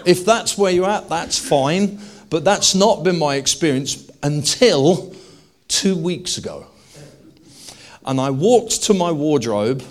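A man preaching a humorous sermon to a live congregation. He jokes and then builds to loud, emphatic declarations. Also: fairly high pitch, animated, slow pace.

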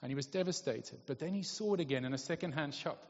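A man's voice: a little high, fast talker. Guy preaching, chatty and keeps checking in with the crowd, muffled lo-fi sound. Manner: conversational, checks in with the audience. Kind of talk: sermon. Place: church hall. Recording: lo-fi, echoey hall.

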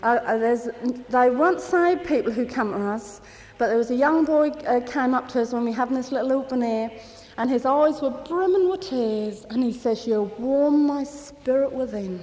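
A woman's voice: on the high side, normal speed, darkish tone. A woman giving a rambling, fervent spoken testimony at a church meeting. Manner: rambling, fervent, with many restarts. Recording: hall reverb.

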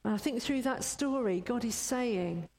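Woman preaching slow and steady, kinda high voice, echoey church hall. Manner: unhurried, storytelling. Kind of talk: sermon.

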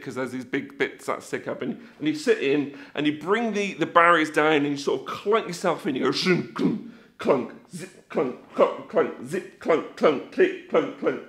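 A man with a fairly high voice gives an animated faith talk aimed at families, telling stories and acting out scenes complete with sound effects.

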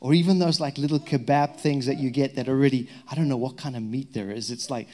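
A man from Zimbabwe with a Zimbabwean accent, a pastor giving a lively sermon with humorous stories. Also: mid-range voice, quick pace. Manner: lively, humorous storytelling with prayer. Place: church hall.

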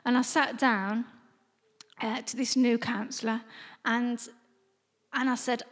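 Brief: middle-aged woman, earnest testimony, slightly high voice, echoing hall. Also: level tone, slow, long pauses. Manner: earnest, conversational, with frequent restarts. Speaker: speaker sharing a faith testimony. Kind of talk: personal testimony. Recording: long reverb, as in a hall.

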